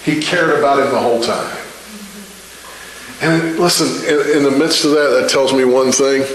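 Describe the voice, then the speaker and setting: A male preacher delivers his sermon with fervent conviction, hammering each point home through repetition. His voice sits at a middle pitch and rings out in an echoey church room. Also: fairly even intonation, normal speed, slight background noise. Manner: fervent preaching with repeated phrases.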